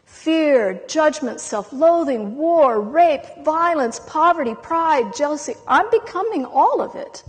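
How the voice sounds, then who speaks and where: A woman giving an impassioned spiritual talk, emotional and intense, with long dramatic pauses between words. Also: high-pitched, animated. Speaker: spiritual speaker. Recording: long hall reverb.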